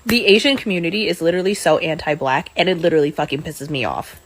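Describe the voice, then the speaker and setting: A woman's voice: low voice, quick pace, slight background noise. A woman in a casual, frustrated rant to camera, with some swearing.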